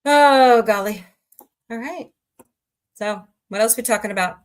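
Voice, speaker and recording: A woman's voice: on the high side, measured pace, pauses often. A woman hosting a casual live stream, chatting and joking with viewers about movies and reading their comments. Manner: chatty, jokey, reads and answers viewer comments. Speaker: livestream host.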